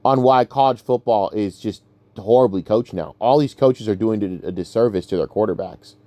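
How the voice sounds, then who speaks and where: A man ranting casually about football, exasperated and profane, swinging from low mutters to sudden high outbursts. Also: dark tone, dry recording. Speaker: sports commentator. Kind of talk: casual sports rant.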